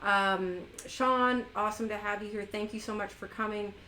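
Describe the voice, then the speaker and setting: A woman's voice: medium pitch, fairly even intonation, moderate pace, bright, forceful tone, slight background noise, poor audio. A woman hosting a live stream, chatting casually in a playful, teasing way with her viewers.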